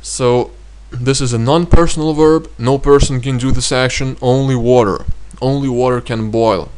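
A man teaching a vocabulary lesson, explaining with many pauses and saying each word twice. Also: medium pitch, steady tone, darkish tone, smooth. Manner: explains slowly, repeats words twice, many hesitations. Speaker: language teacher.

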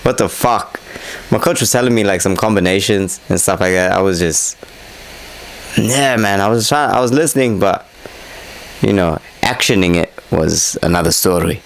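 A man's voice: sits low, moderate pace, gravelly, slight background noise, low-quality recording. Candid young man breaking down his fight. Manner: candid, self-critical, heavy swearing and slang. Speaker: vlogger reviewing his own boxing fight. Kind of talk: casual fight breakdown commentary.

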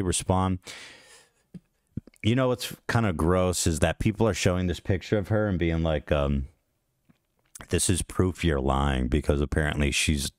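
A man with a very low voice reads out a string of text messages and comments on them. His delivery is brisk and flat, and the sound is close and dry, with no room around it. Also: no echo.

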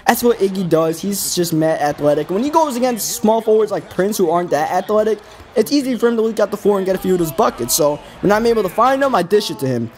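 A man's voice: high-pitched, expressive, fast talker, darkish tone. A man hosting a gaming video, giving casual, rambling play-by-play commentary with an exasperated, self-critical tone.

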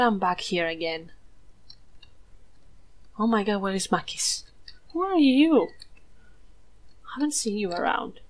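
Woman from Greece, gameplay commentator, playful and sweary, swings between whispers and squeals. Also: mid-range voice. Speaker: gameplay streamer. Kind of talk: let's play commentary.

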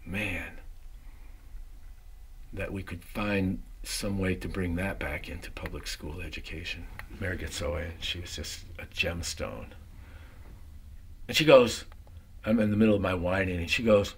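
Earnest low-voiced male teacher. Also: animated, a little slow, a little hiss or hum. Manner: earnest, musing, trails off. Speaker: high school philosophy teacher. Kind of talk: reflective documentary interview.

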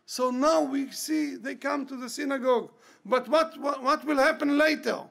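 A man's voice: very high voice, moderate pace, gravelly, a bit bright. A man, a rabbi, preaching an impassioned storytelling sermon and repeating key words for emphasis.

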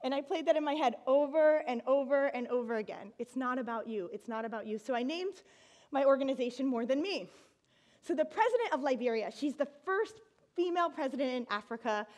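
A woman from the United States tells her story to an audience in a high, bright voice. She talks in an animated way, laughs often, and now and then breaks into excited shouts. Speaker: speaker giving a talk.

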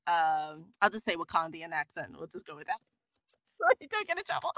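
A woman who voices characters, chatting as a podcast guest in an animated way, with frequent laughs and stop-start sentences. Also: deep voice, moderate pace, no echo. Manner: animated, laughing, trailing restarts. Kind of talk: casual interview chat.

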